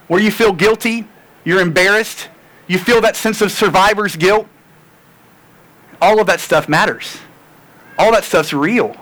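A man's voice: sits high, moderate pace, long pauses, sharp tone, poor audio. A man preaching a sermon, earnest and tired, repeating phrases for emphasis. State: tired and sore. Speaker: pastor.

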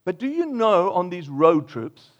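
With lively energy, an older pastor from Australia tells playful invented examples in his sermon, then winds down to a quiet, sincere ending. He has a high voice and an unhurried pace, recorded in lo-fi sound.

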